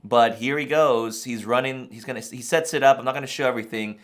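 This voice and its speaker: A man's voice: medium pitch, fast, fairly bright tone. Camera vlog guy, rambly and hyped, keeps laughing in disbelief, mid voice. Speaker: camera channel host. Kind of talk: excited casual reaction vlog.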